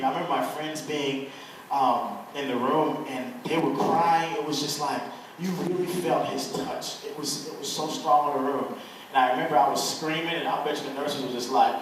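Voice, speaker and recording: A man's voice: fairly high pitch, steady tone, a little hiss or hum. Earnest young man, echoey and distant. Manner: earnest, halting, many fillers and restarts. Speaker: guest telling his testimony. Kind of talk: personal testimony to an audience. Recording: echoey room from far off.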